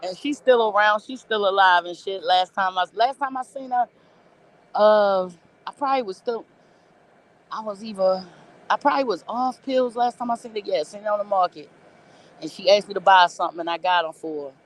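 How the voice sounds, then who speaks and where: A woman's voice: medium pitch, moderate pace. A blunt woman speaks in a candid storytelling monologue. She curses freely and stresses her points hard. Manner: blunt, profane, emphatic. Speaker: rapper telling her life story.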